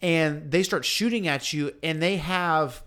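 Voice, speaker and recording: A man whose voice runs a bit high for his sex spins a slang-heavy story on a podcast, relaxed yet animated. He voices other people's lines as he goes, never hurrying through this casual chat.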